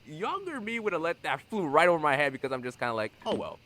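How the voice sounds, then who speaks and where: Bright-voiced young man, animated podcast host. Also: fairly high pitch, quick pace, poor audio. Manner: animated, acts out quoted voices. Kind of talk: casual conversation.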